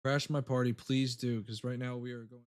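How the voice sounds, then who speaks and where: A man's voice: mid-range voice, little pitch movement, moderate pace. A man hosting a casual livestream talk show, rambling and hesitant with many fillers.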